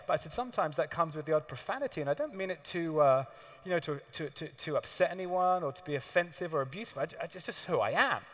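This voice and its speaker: A man giving a live seminar talk to an audience, telling stories in an animated way with laughs and the odd swear word. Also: on the high side, fast. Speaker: seminar speaker. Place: large hall with audience. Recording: long hall reverb.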